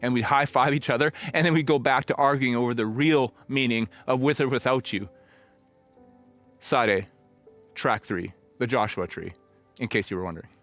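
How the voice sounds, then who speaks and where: Middle-aged guy preaching, just telling a story casual-like, medium voice, bit of music low in the back. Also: moderate pace, a bit bright. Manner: conversational, reflective storytelling with acted-out quotes. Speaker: pastor. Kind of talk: storytelling sermon.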